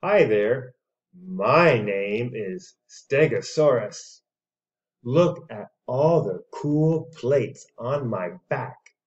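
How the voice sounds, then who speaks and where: A man's voice: medium pitch, expressive, extremely slow, highs cut off. A man reading aloud as a friendly talking dinosaur introducing itself to children. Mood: cheerful. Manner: cheerful, childlike storybook reading.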